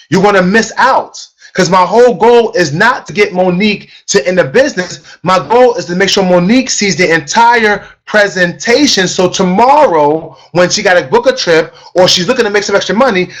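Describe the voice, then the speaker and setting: A middle-aged man giving an energetic sales training talk, emphatic and repetitive, often asking the audience questions. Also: high voice. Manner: emphatic, repeats himself, asks the audience questions. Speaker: network marketing trainer.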